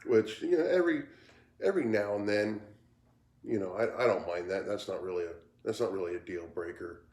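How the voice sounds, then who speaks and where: A man talking casually in a cigar review vlog, tired and yawning, with a halting way of speaking that repeats words. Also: lowish voice, darkish tone. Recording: roomy echo.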